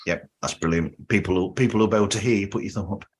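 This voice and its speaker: Northern English male podcast host, low voice, friendly and rambling. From north of England. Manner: friendly, rambling, halting restarts. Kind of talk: casual podcast interview.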